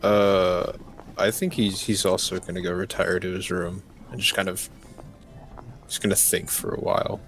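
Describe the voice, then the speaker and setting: A man playing a tabletop game, talking slowly and hesitantly. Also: low-pitched, little pitch movement, fairly bright tone, soft background music. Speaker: player. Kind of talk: tabletop role-play.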